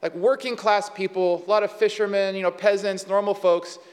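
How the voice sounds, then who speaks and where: A man with a high voice preaching to his congregation in a relaxed, chatty way, sprinkling in asides and questions. His words trail off in a long hall reverb. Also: normal speed. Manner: conversational, with many fillers and asides. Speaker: pastor. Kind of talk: sermon.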